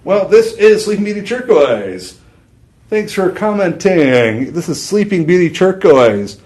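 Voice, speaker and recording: A man's voice: high voice, very animated, measured pace, darkish tone. Chatty man selling jewelry, roomy sound. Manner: rambling and chatty, with self-interruptions and laughs. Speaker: shopping channel jewelry host. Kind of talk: live sales stream. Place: studio set with a TV screen behind.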